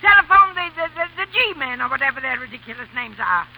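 A man's voice: extremely high pitch, expressive, quick pace, creaky, heavily acted. A man voicing an imperious, bossy rich grandmother in a 1930s radio play, snappish and scolding. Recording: hissy old radio broadcast.

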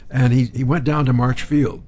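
An older man appears as an interview guest, telling anecdotes in a mid-range, slightly mellow voice that moves little in pitch and keeps a moderate pace. He chuckles and acts out the voices of the people in his stories, over a faint hiss or hum.

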